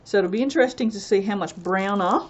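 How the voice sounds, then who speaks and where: A woman's voice: mid-range voice, fast, highs cut off. A woman chatting casually as she works on a soap-making vlog, rambling along with self-deprecating asides. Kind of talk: casual commentary while working.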